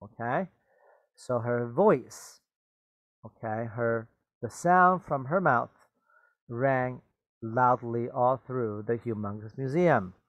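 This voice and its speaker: A man reads a children's story aloud and stops to explain its words. He talks very slowly and patiently, checking in with his listeners. The recording is close and dry. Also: mid-range voice, no echo. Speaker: teacher.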